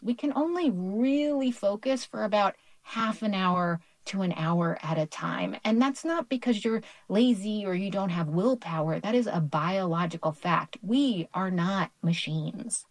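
A woman's voice: mid-range voice, measured pace, hardly any pauses, dry recording. A woman author answering radio interview questions, explaining research in an upbeat, explanatory way with light laughs. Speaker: author guest.

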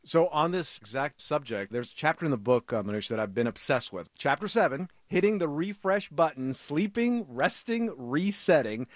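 A public radio host, a man with a somewhat high voice, asking curious questions in a relaxed, conversational tone. The sound is close and dry, with no room around it. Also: moderate pace, few pauses, no room sound. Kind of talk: radio interview.

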